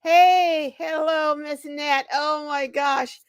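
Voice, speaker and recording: An older woman hosts a casual livestream, greeting her viewers by name in a high, bubbly voice full of little exclamations. She is still out of breath. The sound is dry and close, with no room around it. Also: steady tone, slow, dry recording. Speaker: livestream host.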